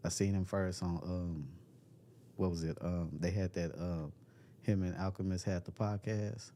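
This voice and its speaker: A man's voice: low-pitched, steady tone, unhurried, warm tone, a little hiss or hum. A man hosting a casual livestream, reading chat comments aloud, joking and laughing often, with loose slangy talk. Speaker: livestream host. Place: cold room at home.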